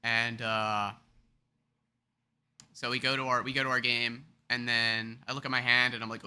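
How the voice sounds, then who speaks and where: Bright-voiced man rambling casually. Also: mid-range voice, little pitch movement, normal speed, pauses often, smooth. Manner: chatty, self-deprecating, acts out scenarios. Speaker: card game video creator.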